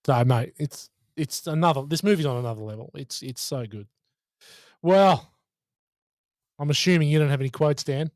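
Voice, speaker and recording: A man co-hosts a movie podcast in loose, jokey banter, swearing freely. His voice sits a touch high. The sound is dry and close. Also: normal speed, darkish tone, no room sound. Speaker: podcast co-host. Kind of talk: casual podcast chat.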